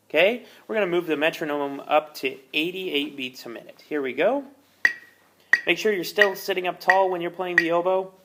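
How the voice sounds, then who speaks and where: Brief: man, fairly high and bright voice, patient music teacher talking into the camera mic. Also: slight background noise. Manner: patient, explanatory, frequent fillers. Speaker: oboe teacher. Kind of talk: step-by-step music lesson. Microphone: camera mic, repositioned during video.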